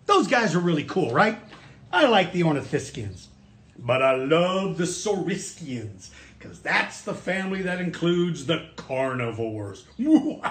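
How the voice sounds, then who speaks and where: A man's voice: high-pitched, a bit bright, a little hiss or hum. A man giving an online lesson for children, talking to them directly with enthusiasm. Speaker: dinosaur educator. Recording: roomy echo.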